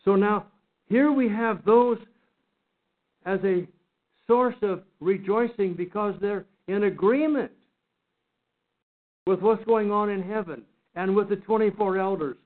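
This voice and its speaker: A man with a high voice teaches a Bible study lesson, pressing his points earnestly and doubling back on his words as he goes. His voice comes through a narrow, phone-like line. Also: measured pace, long pauses. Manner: earnest, emphatic, repeats and restarts words.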